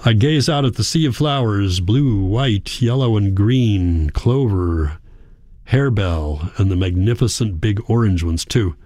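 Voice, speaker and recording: A man reading a first-person novel aloud, quiet, measured and reflective. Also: fairly low pitch, lively intonation, dry recording, studio quality. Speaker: audiobook narrator. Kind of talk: first-person literary narration.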